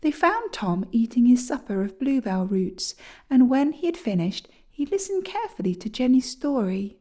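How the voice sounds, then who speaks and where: Soft-voiced woman reading a storybook. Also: a little high, big pitch swings, moderate pace. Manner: gentle, often soft and whispery. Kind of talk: reading a children's storybook aloud.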